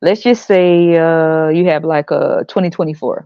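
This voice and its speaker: A woman's voice: low-pitched, measured pace, clean tone, dry recording, lo-fi sound. A woman hosting a podcast, ranting bluntly and profanely, exasperated and often laughing. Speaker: podcast host.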